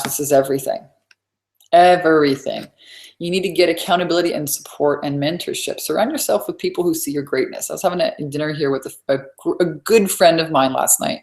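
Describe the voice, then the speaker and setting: A woman business coach talks through a live webinar in a deep voice. She is chatty and emphatic, drops in asides and repeats her key phrases to drive them home. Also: a little mellow.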